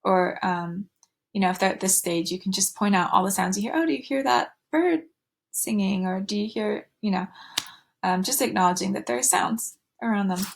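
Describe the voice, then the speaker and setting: A woman's voice: medium pitch, steady tone, a little fast, creaky. A woman teaching a recorded slide lecture, with fillers and restarts, going sing-song when she models talk to children.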